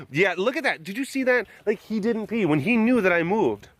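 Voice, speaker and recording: A man vlogging from an outdoor animal compound in the country, casually chatting and cooing at the cats in a high, playful voice. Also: expressive, brisk, hardly any pauses. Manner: coos at the cats in a high, playful voice and laughs often. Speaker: big cat keeper and vlogger. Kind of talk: casual vlog.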